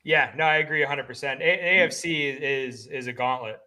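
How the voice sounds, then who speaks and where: A man co-hosting a casual sports betting chat, excitable and jokey, talking in rapid bursts of hype. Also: mid-range voice. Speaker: podcast co-host.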